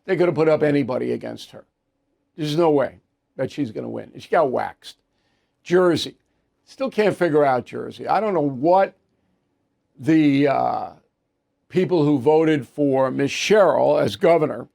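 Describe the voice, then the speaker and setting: A gravelly male commentary host. His voice sits fairly high for a man and carries a fry in it. He delivers his opinions bluntly and with emphasis. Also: a little mellow. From New York area.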